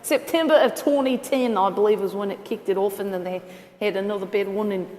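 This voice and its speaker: A woman's voice: mid-range voice, brisk, darkish tone, long reverb tail. A woman hosting a casual weather show, rambling as she thinks aloud and corrects herself mid-sentence.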